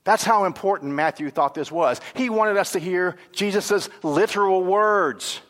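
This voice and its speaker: A man preaching a sermon, lively and conversational, moving between animated questions and hushed, grave passages. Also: high voice, a little slow, big-room sound. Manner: self-correcting, laughs at own stumbles.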